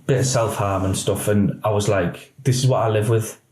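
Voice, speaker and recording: Ex-cop, animated storyteller. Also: male voice, fairly low pitch, moderate pace, reverberant, rough recording. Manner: animated storyteller acting out quoted dialogue. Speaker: guest, former police officer. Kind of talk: candid podcast interview.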